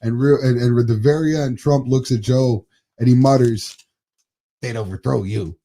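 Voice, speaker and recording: A man's voice: mid-range voice, fairly even intonation, normal speed, mellow, slight background noise. A man co-hosting a podcast in casual political chat, swearing freely, laughing often and trailing off into mumbles. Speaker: podcast co-host.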